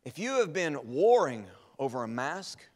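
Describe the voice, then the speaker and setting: A man preaching a sermon as an evangelist, swinging between loud emphatic lines and hushed quiet ones. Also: fairly high pitch, big pitch swings, a little slow. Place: church hall. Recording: long church hall reverb.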